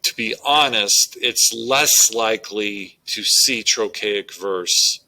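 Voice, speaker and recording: A man's voice: fairly low pitch, slow pace, sharp tone, poor audio. A male English teacher giving a methodical, explanatory recorded lecture on poetry.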